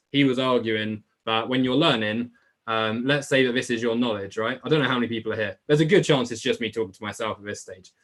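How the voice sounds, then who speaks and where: A young man with an Essex accent tutoring biology in a casual live online class, chatty and informal, reading and answering questions from the chat. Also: medium pitch. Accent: Essex English. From England. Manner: chatty and informal, lots of "like" and "right?". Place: home room, alone.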